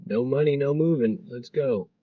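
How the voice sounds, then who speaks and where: A man's voice: medium pitch, normal speed, no echo, phone-quality sound. A man, rambling casually to viewers during a delivery livestream. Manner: rambling, chatty, talks to viewers. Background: faint crickets and insects.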